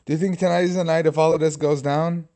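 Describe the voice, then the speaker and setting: A man's voice: on the high side, flat delivery, fast talker, mellow. A man hosting a livestream, talking casually and joking, swearing freely. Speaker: livestream host. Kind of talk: casual live commentary.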